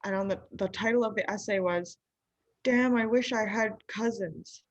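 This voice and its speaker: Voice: mid-range voice, normal speed, no room sound, dull audio, natural voice. A performer playing a naive young husband who rambles in an improvised comedy bit, padding every phrase with "like". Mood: earnest. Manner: rambling, full of "like", mimics others' voices. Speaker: recurring comedy character.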